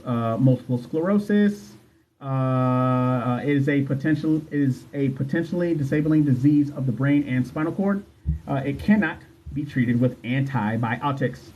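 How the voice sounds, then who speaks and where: A man's voice: medium pitch, highs cut off. A man hosting a casual livestream as a nursing exam coach, reading viewer comments aloud in a chatty, loose way and repeating himself. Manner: chatty, loose, repeats phrases, slangy asides.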